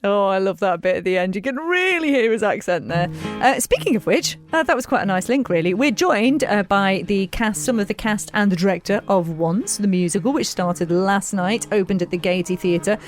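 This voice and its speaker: A woman's voice: mid-range voice, animated, normal speed, hardly any pauses. Woman radio host, casual and encouraging, faint music bed. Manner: chatty, encouraging, laughs often. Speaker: radio presenter. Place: radio studio.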